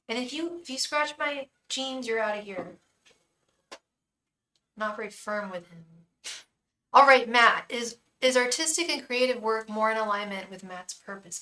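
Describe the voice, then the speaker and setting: Chatty woman, slightly high voice, casual stream talk with baby-talk asides, set back from the mic. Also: lively intonation, measured pace, sharp tone, far from the mic. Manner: chatty, coos baby talk at her cat. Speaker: tarot reader and psychic on a live stream. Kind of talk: casual live-stream chat. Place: room at home. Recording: echoey room, voice off-mic, faint noise.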